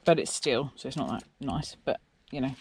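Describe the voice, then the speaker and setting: As she tears down electronics, this English scrapping vlogger rambles in easygoing narration and asks her audience questions. She has a very deep, slightly rough voice with lively intonation at normal speed.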